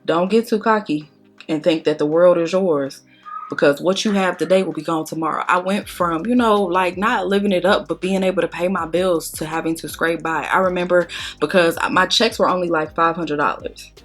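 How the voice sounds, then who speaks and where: A woman's voice: on the low side, normal speed, soft background music. A woman vlogger talking casually while doing her makeup, telling her story bluntly with lots of cursing and strong emotion. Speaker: beauty vlogger.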